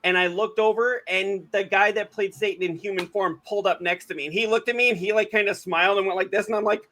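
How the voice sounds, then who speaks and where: A man hosting a podcast, telling stories in an animated, casual way and laughing often. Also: high-pitched, fast. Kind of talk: casual chat.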